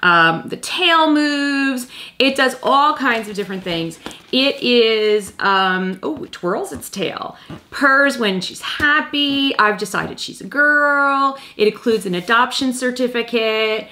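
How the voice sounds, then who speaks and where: Chatty mom reviewing a toy kitten. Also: female voice, a little high, slow pace, sharp tone, slight background noise. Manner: chatty, playful, coos at the toy. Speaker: toy review vlog host. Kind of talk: casual toy review chat.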